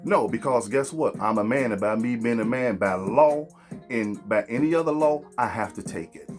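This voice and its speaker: Blunt preaching podcast host, faint music. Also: male voice, mid-range voice, moderate pace. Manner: blunt, preachy, talks straight to the audience. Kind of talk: opinionated podcast monologue.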